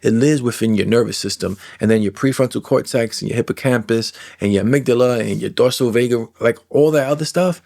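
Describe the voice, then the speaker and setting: A man in his forties with a mid-range voice talks straight to camera as a self-help coach. He is animated and conversational, stretching out words for emphasis and slipping into little acted inner voices. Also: medium pitch, gravelly. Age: 40s. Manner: animated, acts out inner voices and imagined replies, drawn-out emphasis. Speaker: coach working with trauma clients.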